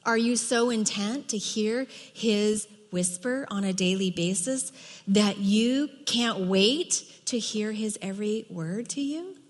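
Middle-aged woman preacher, earnest and emphatic, mid-pitched, long hall echo. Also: slow. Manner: earnest, emphatic, drops to soft tones for quoted words. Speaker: women's Bible teacher. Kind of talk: sermon.

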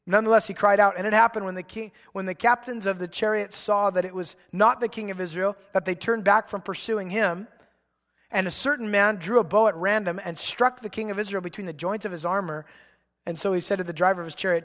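A man preaching a sermon as pastor, animated and excitable, acting out biblical characters as he reads. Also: sits high, a little fast, big-room sound.

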